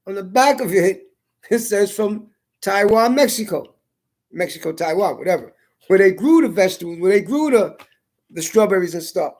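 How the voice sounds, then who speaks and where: A man rambling in a casual monologue, cursing often and repeating words as he goes. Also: sits high. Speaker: vlogger.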